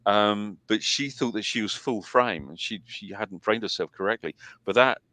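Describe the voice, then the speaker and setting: Low-voiced man in emphatic film chat. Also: moderate pace, sharp tone, no room sound. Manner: emphatic, repeats phrases to stress a point. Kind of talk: casual film review chat.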